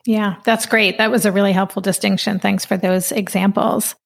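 A woman hosting a podcast interview, asking thoughtful questions in a friendly, conversational way with soft laughs. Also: mid-range voice, flat delivery, normal speed, vocal fry. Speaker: podcast host.

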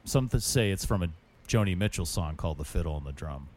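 A man with a fairly low voice chatting on a podcast. He talks in a laid-back way, dropping in fillers as he explains song background. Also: lively intonation, quick pace. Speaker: podcast co-host. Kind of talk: casual music discussion.

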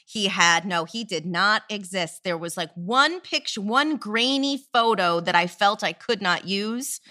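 Podcast host, woman in her forties, bright tone, tells stories with lots of acted quotes. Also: mid-range voice, a little slow. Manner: animated storyteller, acts out quoted voices. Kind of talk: casual chat.

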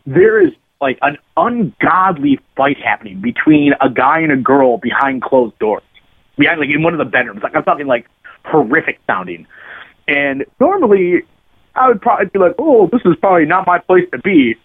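Laughing through a rambling, profane story, this podcast guest, a bass player, chats casually in a slightly rough, sing-song voice on the high side. He speaks at a moderate pace, captured with phone-like lo-fi audio.

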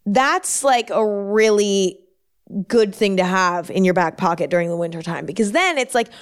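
A woman hosting her own show, talking alone in a chatty, rambling way with quick self-deprecating asides. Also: medium pitch, expressive, clean tone. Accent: put-on New York twang at times. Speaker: podcast host. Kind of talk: casual solo chat.

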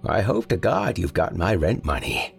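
A man's voice: low-pitched, wildly swooping pitch, moderate pace, vocal fry, soft background music, exaggerated voice. A man voicing a grumpy old male landlord with a scratchy, sandpaper-like voice and crude complaints. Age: older.

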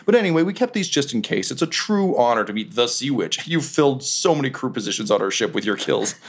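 A man's voice: medium pitch, very animated, quick pace. A man voicing a gracious male ghost dwarf captain who speaks with courteous respect. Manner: courteous, warm-hearted.

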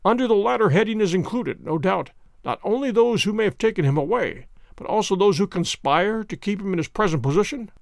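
Cool, unbending detective, done by a man, measured, bright and lively. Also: sits high, creaky, no echo, studio quality. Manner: cold, measured and deliberate. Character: cool, inexorable male detective, middle-aged.

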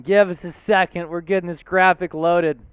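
A man hosting a live sports talk stream, excitable and shouting out supporters. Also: high-pitched, normal speed, clear, resonant tone, no echo, soft background music. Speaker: host.

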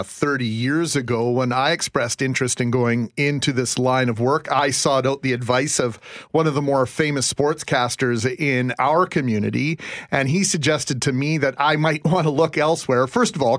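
A man's voice: medium pitch, no room sound. A man in his forties co-hosting a talk radio show in a studio, reflective and anecdotal, chuckling now and then as he talks. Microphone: studio microphone.

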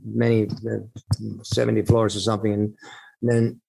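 A man, a musician guest, telling stories in an interview with a halting, rambling delivery full of restarts and laughs. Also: fairly low pitch, monotone, creaky, a little mellow. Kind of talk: storytelling in an interview.

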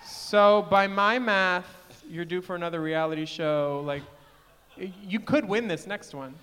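A male host with a high, bright voice asks questions in a dry, teasing tone. The room has a long reverb and faint noise behind him. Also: a little slow. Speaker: podcast host. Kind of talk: casual podcast chat.

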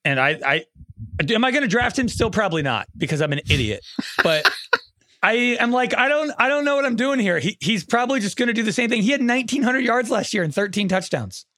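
A man's voice: sits high, animated, brisk, sharp tone, no room sound, clean studio sound. A man co-hosting a casual sports podcast, wry and self-deprecating about his own picks. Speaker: podcast co-host.

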